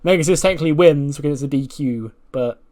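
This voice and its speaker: A man's voice: on the high side, quick pace, darkish tone. A man casually narrating a wrestling management game, rambling with lots of fillers. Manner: rambling, lots of "like" and "you know". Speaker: let's play narrator.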